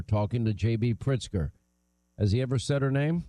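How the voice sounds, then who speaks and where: Brisk, opinionated male radio host. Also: medium pitch, dark tone, no echo, rough recording. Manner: brisk, opinionated, sympathetic to guest. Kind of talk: talk radio interview.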